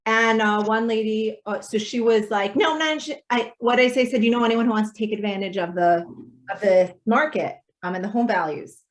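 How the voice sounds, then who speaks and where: A woman's voice: mid-range voice, steady tone, moderate pace. A woman, a real estate agent, telling a chatty story of a sales call on a video call, quoting both sides as she goes.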